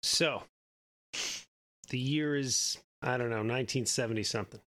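A podcast co-host tells a long story in a casual, rambling way, constantly checking in with "right?" His mid-range voice has a sharp tone and a moderate pace.

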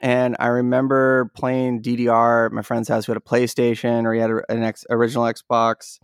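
A man's voice: mid-range voice, monotone, a little fast, clear, resonant tone, no room sound. Young man, casual podcast chat, rambling, laughing, dry close sound. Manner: rambling storyteller, laughs often. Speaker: podcast co-host.

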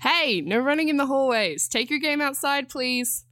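A woman voicing a tired, caring woman who runs an orphanage, speaking hesitantly and gently. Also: on the high side, lively intonation, moderate pace, no echo, clean studio sound, voice pushed up, close to an everyday voice. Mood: teasing scold.

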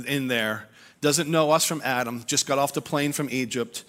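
Pastor guy in his 40s preaching, mid-pitched, talks like he's just telling you a story, keeps restarting. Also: normal speed, bright, forceful tone. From Pennsylvania. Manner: earnest, conversational storytelling with restarts. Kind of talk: sermon. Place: church service.

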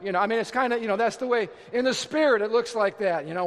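A male pastor preaching an animated, dramatic sermon with self-mocking humor. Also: sits high, fast talker, few pauses, long reverb tail.

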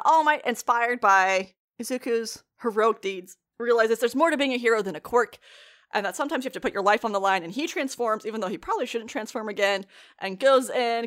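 A woman from the United States in casual podcast chat, animated, laughing often and swearing freely as she recaps a show. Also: fairly high pitch. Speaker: podcast co-host reacting to an anime.

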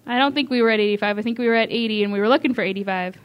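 High-voiced woman calling an auction. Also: smooth, dull audio. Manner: brisk, repeats bids, coaxing. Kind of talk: live charity auction calling.

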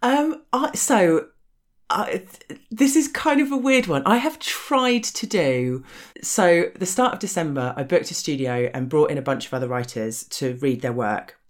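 A woman's voice: sits low, expressive, measured pace. A woman with a posh English accent, chatting frankly as an interview guest, swearing freely and laughing often. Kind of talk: casual interview chat.

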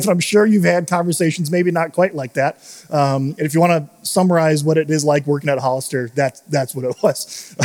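Pastor guy in his 30s giving a sermon, kinda high voice, rambly and jokey, does animated voices in his stories. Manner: casual storytelling with many restarts and self-laughs; animated quoted dialogue, voice jumping up.

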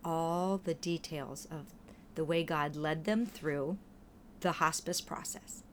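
A woman in casual conversation, telling stories in a lively way and acting out what people said. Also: low-pitched, slow, slight background noise. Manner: lively storytelling, acts out quoted voices. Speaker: podcast guest or co-host. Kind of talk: casual chat.

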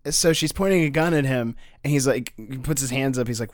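A man brainstorming a story in casual chat, his voice at an ordinary middle pitch. He rambles with lots of fillers, swears freely and slips into characters' lines as he goes. The sound is dry and close, with no room around it. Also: brisk, no echo.

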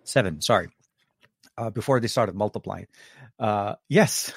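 A man's voice: on the low side, vocal fry, breathy edge, no room sound, clean studio sound. A man co-hosting a casual tech podcast, rambling with frequent restarts. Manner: rambling, halting, full of restarts. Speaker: podcast co-host.

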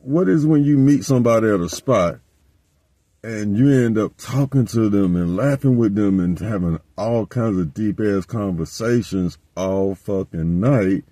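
Deep, dark-voiced man musing slowly. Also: no echo. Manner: slow, musing. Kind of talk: reflective casual chat.

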